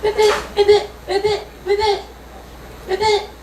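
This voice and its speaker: A tiny baby frog girl who only croaks, over and over, as a woman puppeteer puts her on. Each croak is squeaky and very high. The recording is far off and echoey, with loud noise behind it. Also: completely flat delivery, unhurried. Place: comedy club stage.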